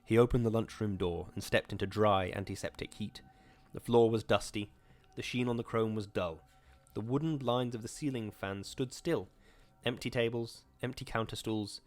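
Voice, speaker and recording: A man hosting a show, reading a horror story aloud in a steady, measured way. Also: fairly low pitch.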